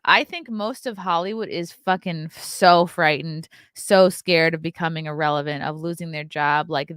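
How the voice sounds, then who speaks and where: A woman's voice: lowish voice, a bit bright, clean tone, no echo, studio quality. A woman, hosting a casual live stream, chatty and profane as she reads out the chat. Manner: blunt, profane, chatty, laughs often. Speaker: podcast host reading live chat.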